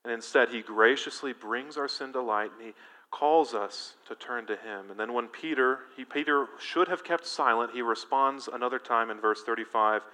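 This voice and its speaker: A male pastor preaching a sermon in an animated, emphatic way, engaging his congregation directly. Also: medium pitch, moderate pace.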